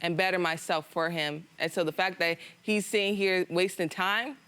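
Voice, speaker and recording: A woman's voice: on the low side, fairly even intonation, normal speed, a bit bright, clean tone. A young American woman arguing her side in a TV courtroom, aggrieved and insistent. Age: young adult. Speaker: litigant. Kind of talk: emotional testimony.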